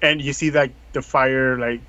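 Quick, slangy man in dry muffled audio. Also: medium pitch, fairly even intonation, bright, forceful tone, no room sound. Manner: quick, slangy, full of fillers, exasperated. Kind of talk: casual chat. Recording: dry, dull lo-fi sound.

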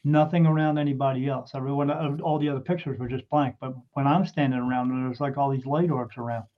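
A man casually telling a personal story in an animated way, swearing freely and often restarting his sentences. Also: medium pitch, fast talker. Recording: dull lo-fi recording.

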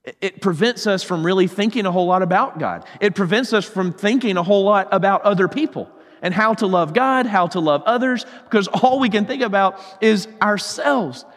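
A high-voiced male pastor with a Southern accent delivers a sermon. He drives hard in urgent passages and then sinks to a near-hush. His voice trails off into a long, echoing reverb. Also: fairly quick, hardly any pauses. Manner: swings between loud urgency and hushed, low intensity.

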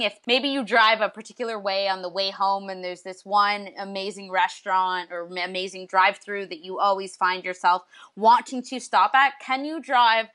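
Bright-voiced woman hosting an interview. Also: mid-range voice. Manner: warmly affirming, asks guided questions. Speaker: interview host. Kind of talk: casual conversational interview.

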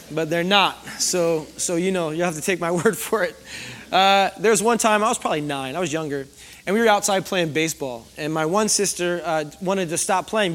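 A man's voice: high-pitched, fairly bright tone. A young man preaching a sermon to a congregation, chatty and storytelling, often asking the room questions. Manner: conversational, asks the congregation questions. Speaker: pastor. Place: church hall before a congregation.

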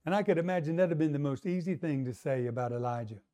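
A male preacher with a high voice gives a sermon. He talks conversationally and keeps calling out to the congregation for a response. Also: fast, mellow. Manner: conversational, calls for audience response.

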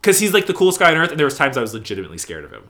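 A man with a fairly high, bright and forceful voice chats in an interview. He tells theater stories in a gushing, animated way and slips into little voices for the people he quotes. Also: racing. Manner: animated, gushing storyteller who acts out quotes. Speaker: interview guest, theater company manager. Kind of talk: casual interview chat.

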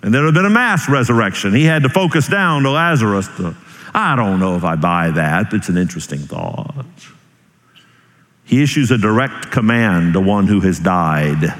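Male pastor preaching in a church, goes high and loud then low and slow, big echoey hall. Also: expressive. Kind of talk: sermon. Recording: long hall reverb.

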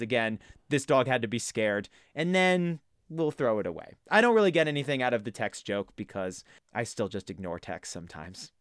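Man co-host, smooth resonant voice, dry close sound, rambling comic riffs. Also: mid-range voice, no echo. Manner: rambling, mock-earnest jokes. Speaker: podcast co-host. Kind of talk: casual comedic podcast chat.

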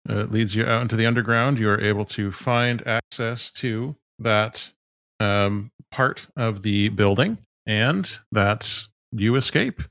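A man narrating as game master in a tabletop game, relaxed and laughing along. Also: fairly low pitch, unhurried, dry recording, highs cut off.

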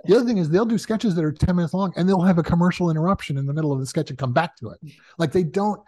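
A man speaks as a guest in a relaxed chat about comedy writing, his voice slightly high and free of echo. He tells stories animatedly, acting out the voices of the people he quotes.

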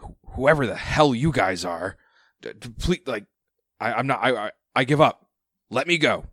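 A man's voice: mid-range voice, lively intonation, normal speed, fairly bright tone, no echo, studio quality. A man doing a strangled, begging wererat. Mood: pleading. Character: cornered male wererat mage, pleading.

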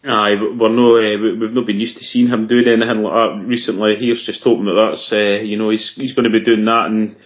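A man co-hosting a casual football podcast, giving his opinions in a halting, chatty way with lots of fillers. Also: fairly low pitch, flat delivery, dull audio. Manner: hesitant, full of fillers and restarts, chatty opinions. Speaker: podcast co-host.

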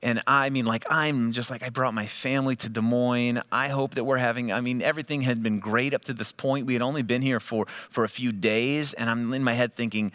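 Animated bright-voiced man preaching. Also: mid-range voice, a little fast, few pauses. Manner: animated storytelling, voice rising with excitement; conversational, with quoted asides and fillers. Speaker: pastor. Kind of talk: sermon.

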